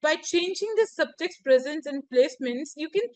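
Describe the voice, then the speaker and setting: Woman teacher, high voice, dry close mic, goes through grammar examples one by one, non-native phrasing. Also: expressive, normal speed, darkish tone, no room sound, poor audio. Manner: explains step by step with repeated examples, frequent "so" and "here". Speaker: online English teacher. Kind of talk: grammar lecture.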